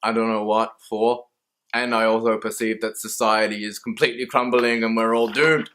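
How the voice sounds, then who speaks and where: A man's voice: fairly low pitch, level tone, normal speed, a bit bright, slight background noise. Candid, swearing Australian man. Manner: rambling, swears freely, laughs at himself. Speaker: mental health vlogger. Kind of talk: candid casual monologue.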